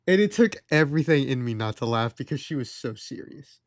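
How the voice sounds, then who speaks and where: A man's voice: medium pitch, no echo, clean studio sound. Slangy young man telling a story. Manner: slangy, sarcastic, exasperated retelling. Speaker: live streamer. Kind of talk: casual storytelling to stream chat. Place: home streaming setup.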